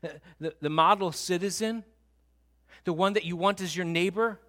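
A man preaching a sermon, moving from animated, loud passages to hushed, slow and intense appeals. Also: high-pitched. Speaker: pastor.

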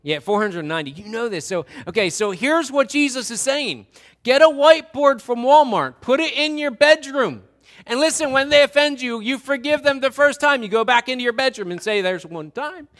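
A male pastor preaches in a conversational, animated way, swinging between loud, eager bursts and hushed asides. His voice sits high for a man. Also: moderate pace. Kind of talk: sermon.

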